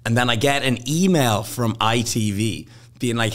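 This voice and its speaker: A man's voice: mid-range voice, moderate pace. A young man, a podcast guest, telling stories casually and laughing often as he acts out what others said. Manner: laughs often, animated storytelling with put-on quotes. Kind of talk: casual storytelling.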